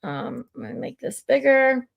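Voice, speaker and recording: A woman's voice: high-pitched, sing-song, normal speed, gravelly. A woman hosting a casual live stream, talking bluntly and swearing freely, often restarting her sentences as she reads text messages aloud to her chat. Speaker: livestream host.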